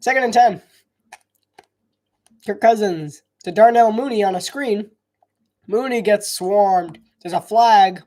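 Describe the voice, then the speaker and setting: A man with a high-sitting, slightly mellow voice calls a football game live, taking it slowly and pausing often. He's a sports commentator keeping the play-by-play casual and chatty, thinking aloud, hedging, and restarting his sentences a lot.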